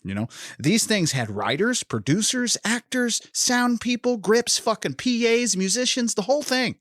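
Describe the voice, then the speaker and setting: A man's voice: high-pitched, expressive, moderate pace, fairly bright tone, no room sound, clean studio sound. A man co-hosting a film podcast, rambling and profane, with restarts and laughs. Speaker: podcast co-host. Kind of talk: casual film podcast chat.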